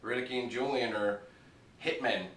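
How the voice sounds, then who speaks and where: A man's voice: mid-range voice, steady tone, moderate pace, fairly bright tone. A man giving a casual, rambling review, swearing freely and laughing at his own jokes. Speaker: TV show reviewer. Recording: echoey room, distant mic, faint noise.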